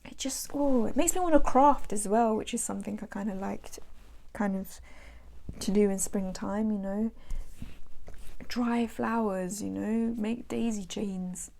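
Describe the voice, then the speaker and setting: A British woman hosts a casual vlog, showing off her tarot decks in a chatty, meandering way. Her voice sits in a middle pitch with a gravelly, creaky edge, and she keeps drifting into playful, self-deprecating asides. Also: a little slow, dark tone. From England. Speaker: tarot channel host.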